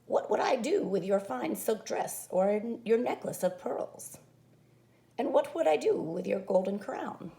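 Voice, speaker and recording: A woman's voice: mid-range voice, big pitch swings, measured pace, vocal fry, dark tone. A woman voicing an ugly little male frog who bargains and pleads, read aloud from a storybook. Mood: questioning.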